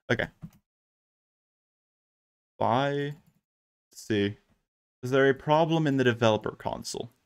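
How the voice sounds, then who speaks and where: Chatty man narrating his gameplay. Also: mid-range voice. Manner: chatty, thinks aloud with frequent fillers and restarts. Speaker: gaming channel host. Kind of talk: casual gameplay commentary.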